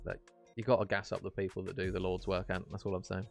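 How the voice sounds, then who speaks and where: Male esports caster, lowish voice, chatty and jokey, light music underneath. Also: flat delivery, fast, gravelly, darkish tone. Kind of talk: casual stream commentary reading chat.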